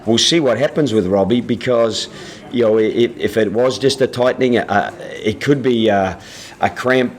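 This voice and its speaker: A head coach at a press conference, answering in a measured, halting way with frequent restarts. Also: male voice, medium pitch.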